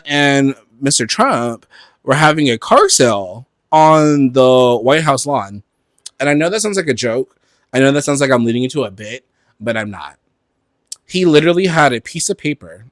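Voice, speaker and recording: A podcast co-host with a mid-range voice speaks at a moderate pace with no echo, delivering a casual, profane, campy rant. He's animated and keeps slipping into mocking voices.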